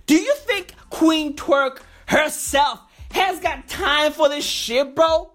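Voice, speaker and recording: A woman's voice: high voice, slow, hardly any pauses, faint music behind. A woman comedian ranting crudely, stacking slang tags and mock-serious asides. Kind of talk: profane comedic rant.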